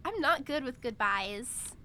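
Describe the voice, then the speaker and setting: A woman's voice: high voice, expressive, a little slow, vocal fry, bright, forceful tone, a little hiss or hum. A young woman streamer chatting casually over a game, playful and dramatic, breaking into giggles. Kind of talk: casual gaming stream chat.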